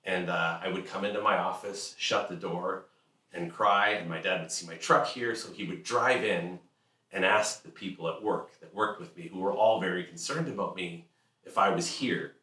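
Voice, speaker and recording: A middle-aged man telling a candid personal story about his family, with many filler pauses and acted-out family voices. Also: deep voice, bright, forceful tone, echoey room, recorded from a distance.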